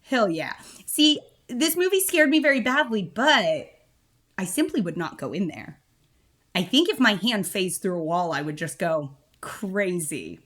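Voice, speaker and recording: A woman co-hosting a podcast, chatting casually about films in an animated, self-mocking way. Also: mid-range voice, normal speed. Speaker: podcast co-host. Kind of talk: casual film review chat.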